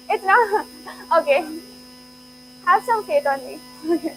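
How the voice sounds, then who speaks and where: A woman's voice: very high voice, unhurried, pauses often, fairly bright tone, slight background noise, rough recording. A woman giving an interactive classroom lecture, playful, laughing often and urging the students on. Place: lecture hall.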